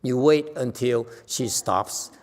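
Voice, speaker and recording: With a medium-pitched voice and a slow pace, the meditation teacher offers a Dharma talk in a temple hall, where a long reverb and faint background noise can be heard. He speaks earnestly to his class, becoming emphatic and animated and laughing now and then.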